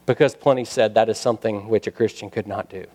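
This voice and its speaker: A male pastor preaching a sermon, building to loud emphatic passages and dropping to quiet, pointed asides. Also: fairly low pitch, fairly even intonation, fast talker.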